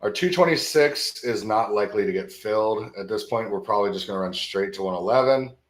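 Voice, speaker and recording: A man's voice: fairly low pitch, brisk, echoey room. A man hosting a live trading stream, talking casually and thinking aloud, often repeating his words. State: sleepy, yawning. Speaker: livestream futures trading host.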